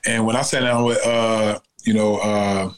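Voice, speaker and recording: This is a man in his forties with a lowish voice, speaking as an interview guest. He talks in a loose, conversational way and keeps turning to the listener with quick asides. His tone is easygoing rather than polished. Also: slight background noise, poor audio. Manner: relaxed, conversational, repeats "you know what I'm saying". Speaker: guest, cannabis company founder. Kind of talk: casual interview storytelling.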